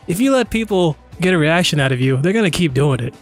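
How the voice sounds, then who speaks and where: A man's voice: a little high, lively intonation, quick pace, faint music behind. A young man co-hosting a casual advice chat, joking and rambling in slangy, offhand talk. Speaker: co-host.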